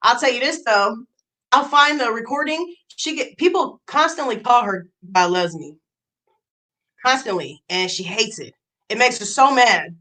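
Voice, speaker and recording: A woman streamer rants and mocks in a high, lively voice that swings widely up and down. She swears freely and sounds exasperated. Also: unhurried, low-quality recording. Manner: profane, mocking, exasperated. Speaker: live streamer. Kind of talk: ranting commentary.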